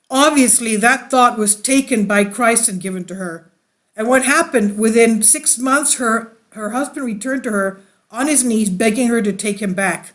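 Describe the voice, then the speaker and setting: In a fairly bright alto voice that sits on the high side, a woman who leads a church rambles unhurriedly through her personal testimony and reads out an article.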